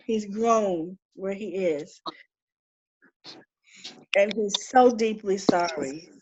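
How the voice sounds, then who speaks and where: A woman spiritual medium giving a reading, animated and exclamatory, laughing often as she relays messages. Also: mid-range voice, extremely slow. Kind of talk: live spiritual reading session. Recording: dull lo-fi sound with faint noise.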